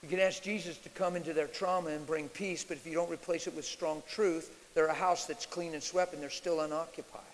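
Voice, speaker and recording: A man preaching live in a large church, animated, sometimes shouting and mimicking screams. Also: on the high side, a little fast, few pauses. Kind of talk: sermon Q&A. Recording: reverberant hall with faint hiss.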